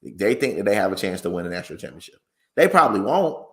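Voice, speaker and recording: A tired man co-hosting a casual sports talk show, talking in a measured, conversational way. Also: low voice, a little mellow.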